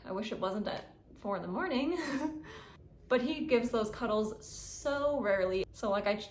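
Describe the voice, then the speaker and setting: A woman's voice: medium pitch, slight background noise. A woman chatting casually to camera about her cat, gushing and giggling, with lots of "like". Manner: gushing, frequent likes and giggles. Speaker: cat owner vlogger. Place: at home indoors. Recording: roomy echoey room.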